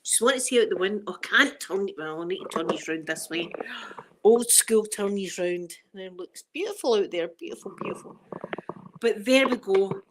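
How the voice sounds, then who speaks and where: Scottish mum on a livestream, welling up, warm chatty greetings to everyone. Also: female voice, medium pitch, moderate pace, background noise. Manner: emotional, tearful, greeting viewers by name. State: holding back tears. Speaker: livestream host. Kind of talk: casual live chat.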